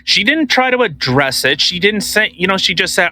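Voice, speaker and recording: A man's voice: high-pitched, big pitch swings, moderate pace, hardly any pauses, pushed and bright. A man hosting a podcast, talking in a casual, rambling and jokey way, often restarting his words. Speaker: podcast host. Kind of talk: casual chat.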